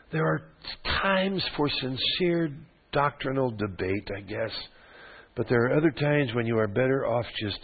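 A man's voice: mid-range voice, slightly rough. An older man preaching a sermon as pastor, teaching from scripture with joking, conversational asides to the congregation. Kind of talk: expository sermon. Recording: phone-like lo-fi radio broadcast.

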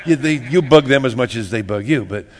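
A man's voice: medium pitch, expressive, a little fast. A man preaching a sermon in a church, folksy and joking, repeating words and acting out little everyday scenes. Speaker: pastor.

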